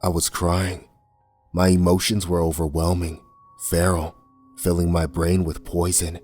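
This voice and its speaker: A man reading a horror story aloud in a somber, measured way. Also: sits low, completely flat delivery, darkish tone. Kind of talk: scripted horror narration. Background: faint music.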